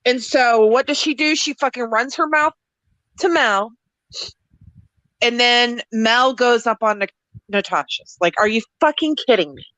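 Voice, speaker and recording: A woman's voice: fairly high pitch, unhurried, a bit bright, no echo, rough recording. A woman appearing as a guest on a livestream, venting angrily and swearing often. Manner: angry, profane venting. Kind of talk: upset livestream chat.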